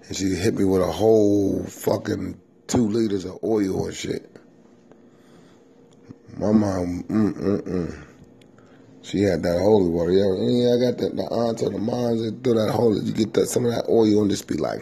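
A man's voice: on the low side, moderate pace, creaky, mellow, slightly rough. A man, a comedian hosting his own podcast, talking in a loose, rambling monologue from his home kitchen and swearing constantly. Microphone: simple home setup, self-recorded.

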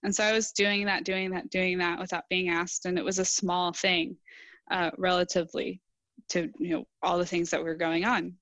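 Earnest woman engineer, low dry voice. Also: flat delivery, normal speed, fairly bright tone, dry recording. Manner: earnest, reflective, quotes herself in dialogue. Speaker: engineer and podcast guest. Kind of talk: casual interview answers.

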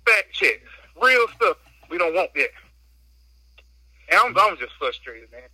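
A man's voice: high voice, big pitch swings, a little slow, pushed and bright, breathy edge, no room sound, poor audio. A man guest on a casual podcast, talking through a phone while out on a walk, slightly out of breath, emphatic and slangy as he vents. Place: outdoors on a walk.

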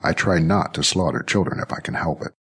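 A composed robot keeper, as a male narrator puts it on in a storybook reading, speaking in measured, formal, polite sentences. The voice is very low and slightly husky, softly delivered and even. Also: exaggerated voice. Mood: calm. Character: calm armed robot zookeeper in charge.

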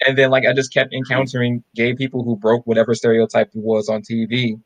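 Speaking at a quick pace in a mid-range voice, this man co-hosts a podcast and spins stories casually. The recording is rough, and he gets lively, mimicking whoever he's quoting.

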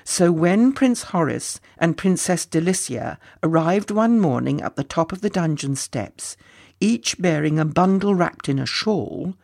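Storybook reader, gravelly voice, playful chatty asides to the kids, mid pitch. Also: darkish tone. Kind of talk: storybook narration.

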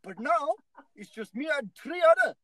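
A man's voice: extremely high pitch, very animated, normal speed, a crowd in the background, pitched above the performer's own voice. Man putting on an Indian-accented shop worker. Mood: rueful. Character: polite middle-aged male shop worker from India.

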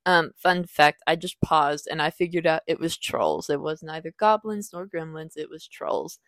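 A woman's voice: lively intonation, normal speed, fairly bright tone, no echo. A young woman hosting a casual podcast book review, rambling and correcting herself as she retells the plot. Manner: rambling, self-correcting, acts out quoted lines in a higher voice.

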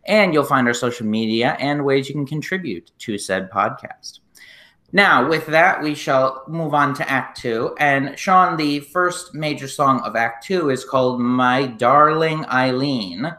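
A man's voice: medium pitch, animated, unhurried, pushed and bright, roomy sound. A man hosting a casual podcast interview, chatty as he reads out his show's plugs and asks questions. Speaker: podcast host.

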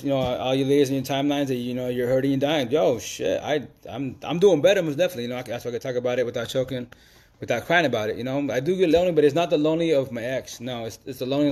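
A man's voice: medium pitch, a little mellow. A man talking straight to camera in a casual, slangy monologue, full of emphatic repeats and street talk. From Seattle, USA. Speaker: Facebook Live vlogger.

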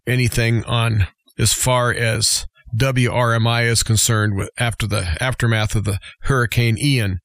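A man hosting a radio talk show, his voice weak from a recent illness and his phrasing halting. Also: mid-range voice, fairly bright tone, no room sound. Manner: halting, slow, plain-spoken phrasing. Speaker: regular guest host.

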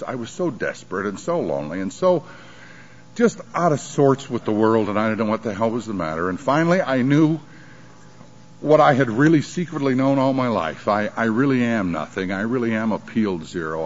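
A man's voice: fairly low pitch, animated, fairly quick, a little hiss or hum. A man telling his recovery story at a sobriety conference, confessional and emotional with wry humor, on a dull archival tape. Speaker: recovery meeting speaker.

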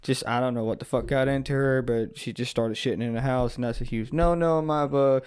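A man telling a story on a podcast in casual, profane chat, animated and laughing as he goes. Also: mid-range voice, a little fast, clean tone. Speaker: podcast co-host.

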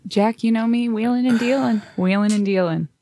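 A woman's voice: a little high, normal speed, dark tone, no room sound, clean studio sound. A woman playing in a tabletop game, brash and joking as she talks in character. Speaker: player. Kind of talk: casual tabletop play.

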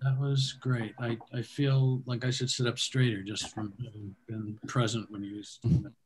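A man's voice: medium pitch, flat delivery, normal speed, darkish tone. A man hosting a comedy show, bantering with and teasing the comedians. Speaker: host. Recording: faint background noise.

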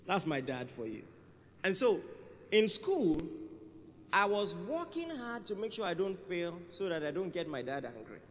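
A man's voice: high voice, sing-song, normal speed, few pauses, a bit bright, slight background noise. A man preaching a sermon in a church hall, conversational and emphatic, often repeating his key phrases. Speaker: pastor. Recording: reverberant church hall, faint ambience.

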